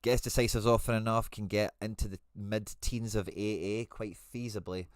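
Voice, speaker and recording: A man with a fairly low voice hosts a live stream in a relaxed, chatty way. He thinks aloud as he goes and answers viewers by name. The sound is dry and close, with no room around it. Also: moderate pace, dry recording. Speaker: host.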